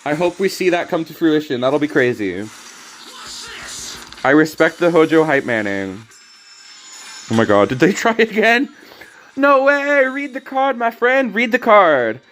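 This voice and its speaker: A man's voice: a little high, sing-song, measured pace, pauses often, a bit bright, faint music behind. A young American man casually commenting on his card game while reading and answering chat, joking and chatty. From American South. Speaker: streamer.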